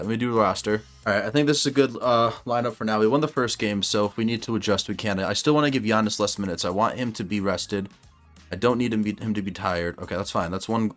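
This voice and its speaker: Young man narrating a basketball game sim. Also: lowish voice. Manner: talks to players on screen, shouts excitedly at big plays. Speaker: gaming YouTuber. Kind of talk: excited game commentary.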